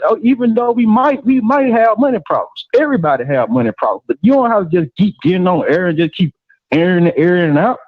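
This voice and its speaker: An irate caller with a Southern US accent, cursing and cutting across the host. His voice is high for a man. It comes through a dull, muffled line with no room sound. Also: sing-song, fast, no room sound. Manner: angry, profane, talks over the host.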